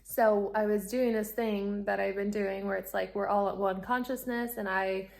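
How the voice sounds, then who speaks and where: A woman's voice: mid-range voice, normal speed, gravelly. A woman vlogger casually recounting a hard travel day, acting out the people she met and laughing often. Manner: animated, acts out quoted exchanges, laughs often. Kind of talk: casual storytelling vlog.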